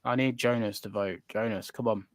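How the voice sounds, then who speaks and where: A man's voice: lowish voice, steady tone, a little fast, no echo. Podcast co-host guy, cocky and mock-outraged, swears constantly, dry close sound. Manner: boastful, playfully indignant, swears a lot. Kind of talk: casual chat.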